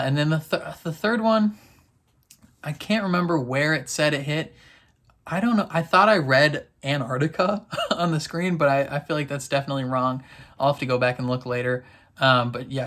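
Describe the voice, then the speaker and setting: A young man talks through an episode in a loose, rambling way. His voice sits at a middle pitch, and he leans on fillers and quick laughs as he recaps. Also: a bit bright. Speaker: TV reaction vlogger. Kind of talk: casual recap chat.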